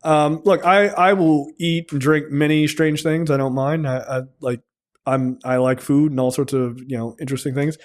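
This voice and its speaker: A man with a fairly high voice talks through a film's plot as a podcast co-host. His manner is loose and profane, full of "like" and restarts. He pops into squeaky voices whenever he quotes someone. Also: moderate pace. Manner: animated, jumps into high voices for characters; profane, filler-heavy storytelling. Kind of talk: casual plot recap.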